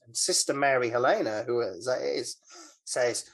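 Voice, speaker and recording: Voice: mid-range voice, expressive, normal speed. Co-host in casual chat, rambles through plot, mid-range voice. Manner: rambling, mimics film lines. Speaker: podcast co-host. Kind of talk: casual film recap chat.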